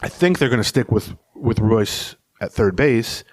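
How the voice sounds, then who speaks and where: A man's voice: mid-range voice, a little slow, darkish tone, no echo, clean studio sound. A man co-hosting a casual sports podcast, telling long anecdotes in a rambling, storytelling way. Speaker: podcast co-host and beat reporter.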